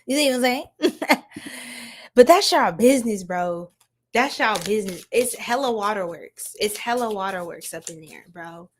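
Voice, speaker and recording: A woman's voice: mid-range voice, expressive, normal speed, slight background noise. A young woman doing a casual livestream tarot reading, giggling often and talking in loose slang to her viewers.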